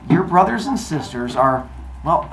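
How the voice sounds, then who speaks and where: A man voicing a blunt, knowing older grandmother goddess, matter-of-fact and loud. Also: fairly high pitch, big pitch swings, unhurried, gravelly, slight background noise, full character voice. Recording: echoey room.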